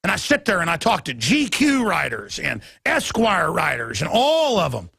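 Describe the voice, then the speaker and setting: Gravelly, ranting male radio host. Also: high voice, huge pitch swings, moderate pace, dry recording, studio quality. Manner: ranting, emphatic, swings loud and soft. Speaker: radio talk show host. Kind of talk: heated radio monologue. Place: radio studio.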